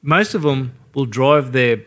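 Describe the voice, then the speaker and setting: A man's voice: medium pitch, unhurried, fairly bright tone. An Australian man co-hosting a casual podcast, laughing often and swearing casually. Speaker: podcast co-host. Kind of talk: casual pub banter.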